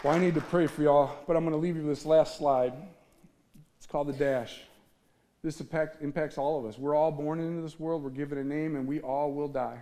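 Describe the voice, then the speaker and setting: A man's voice: fairly high pitch, steady tone, brisk, mellow, a faint crowd, slight background noise. A man from the Midwest giving an earnest testimony talk on stage, telling his story with feeling and acting out the voices he quotes. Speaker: speaker. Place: on stage before an audience.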